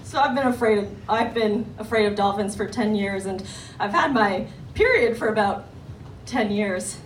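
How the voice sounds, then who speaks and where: A young woman performing a stand-up comedy set, telling a story in an animated way with voiced quotes. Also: mid-range voice, moderate pace. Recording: roomy live venue from a distance, audience noise.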